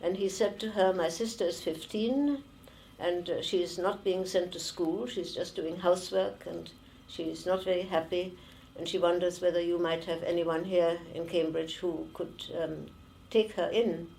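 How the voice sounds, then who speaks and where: A woman in her nineties with a German accent, giving oral history testimony slowly and haltingly, with many pauses and fillers. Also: lowish voice, fairly even intonation, creaky, dark tone, slight background noise, rough recording. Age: 90s. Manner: slow and halting, with frequent fillers. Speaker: interviewee, former refugee.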